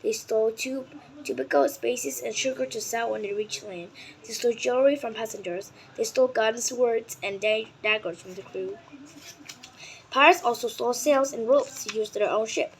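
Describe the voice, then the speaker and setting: This woman, whose first language is Vietnamese, reads an English children's nonfiction book with deliberate care, stumbling at times and correcting herself. Her voice leans high, there's slight background noise, and the recording is rough.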